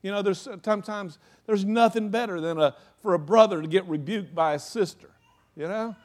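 In a conversational sermon delivered at a moderate pace, a high-voiced pastor tells stories from his life. He performs the anecdotes, says "you know" often, and laughs through little asides.

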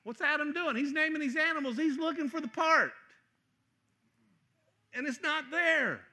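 A middle-aged man preaching a sermon, joking and acting out scenes, sometimes breaking into loud shouts. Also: very high-pitched, normal speed. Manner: animated, joking, acts out voices with loud shouts. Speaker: pastor.

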